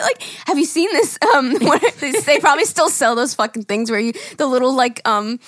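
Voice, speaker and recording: A woman's voice: high voice, a bit bright, no room sound, clean studio sound. A young woman co-hosting a podcast, telling stories in casual chat with lots of laughing and swearing. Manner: laughing, swearing, quick storytelling with acted quotes. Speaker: podcast co-host.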